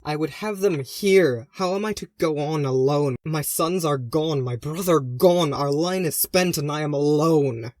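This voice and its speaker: A man voicing a grieving dwarf woman whose voice is harsh and rasping from crying, in an audiobook reading. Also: mid-range voice, unhurried, few pauses, a little mellow, no room sound, studio quality, close to an everyday voice. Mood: anguished fury.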